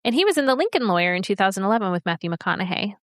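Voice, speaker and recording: A woman's voice: mid-range voice, very animated, no echo, studio quality. Chatty woman co-hosting a casual podcast. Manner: chatty, rambling, quick asides. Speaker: podcast co-host. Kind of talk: casual chat.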